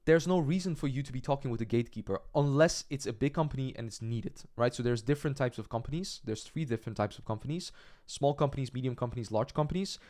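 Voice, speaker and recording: A young adult man with a mid-range, dark voice teaches cold-calling in an agency sales training lesson. He's direct, acts out sample calls, and checks in often with "right?"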